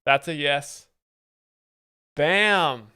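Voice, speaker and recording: A man hosting a live stream, commenting on comedy clips in a deadpan, sarcastic manner. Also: fairly high pitch, drawn-out words, clear, resonant tone. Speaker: stream host explaining jokes.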